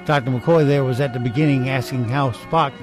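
A man's voice: medium pitch, steady tone, brisk, over music. A man hosting a casual radio chat, offhand and hesitant, with frequent ums between items. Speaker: radio host.

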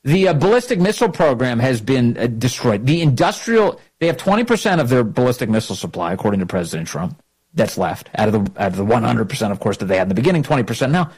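A man hosting a political commentary show, talking in a mocking, indignant way that climbs to loud peaks. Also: mid-range voice, sing-song, fast, slightly rough.

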